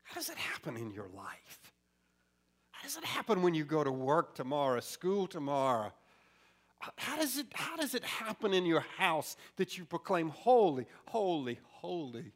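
High, lively-voiced man preaching a sermon. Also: normal speed. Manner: dramatic swings from loud exclamations to hushed whispers.

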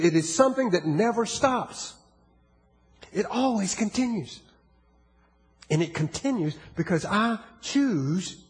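A male pastor with a fairly high voice preaches in a loose, conversational way, often stopping to ask his listeners questions. His voice carries a long reverb from a large hall. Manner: conversational preaching, asks the congregation questions, frequent restarts; drops to a quiet, intimate tone in places. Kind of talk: sermon.

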